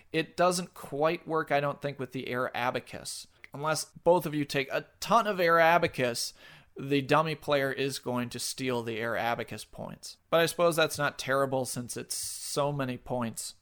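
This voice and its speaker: A man hosting a podcast, chatting in a relaxed way about a board game. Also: medium pitch. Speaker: podcast host. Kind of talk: casual board game review and outro.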